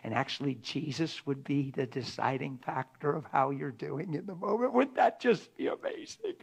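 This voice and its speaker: A pastor giving a conversational sermon, earnest and full of rhetorical questions, acting out little dialogues. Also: male voice, fairly high pitch, lively intonation, moderate pace, creaky, husky. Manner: earnest, acts out dialogue between spouses.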